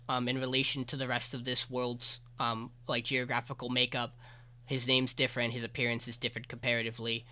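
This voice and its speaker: A man's voice: medium pitch, pushed and bright. A man co-hosting a podcast, giving a rambling, casual anime episode recap full of fillers and the odd swear. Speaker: podcast co-host.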